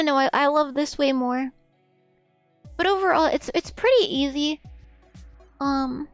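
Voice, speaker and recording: In a high-sitting voice on a dry recording, a young woman streamer rambles through casual live-stream chat. She's giggly, often stammers and repeats words, and swears freely.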